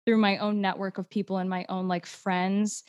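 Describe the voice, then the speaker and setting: A woman's voice: medium pitch, little pitch movement, moderate pace, darkish tone, no echo, highs cut off. Young american woman chatting, tons of likes and restarts, super dry close sound. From United States. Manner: chatty, lots of "like" and restarts, laughs easily. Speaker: podcast guest, musical theatre performer. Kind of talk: casual chat.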